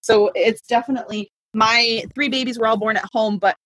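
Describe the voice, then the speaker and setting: A woman in her thirties talks as a guest in a relaxed interview. Her voice is a little husky and breathy, recorded dry and close. She rambles warmly with frequent "like" fillers. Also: on the high side, brisk, no room sound. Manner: chatty, laughs between thoughts, many "like" fillers. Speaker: midwife and business consultant.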